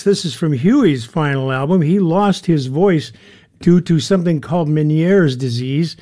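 Older male DJ, 60s, a bit high and hoarse, relaxed chatty back-announcing. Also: a little slow. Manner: easygoing, conversational, chatty asides between songs. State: slightly hoarse, losing his voice. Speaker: radio DJ. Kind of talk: radio DJ back-announcing songs.

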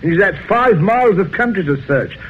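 Genial, murderous father; animated, smooth menace on a muffled vintage broadcast. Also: high voice, brisk, a little hiss or hum. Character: genial but murderous English father holding a gun. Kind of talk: 1940s radio acting. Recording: dull old radio broadcast.

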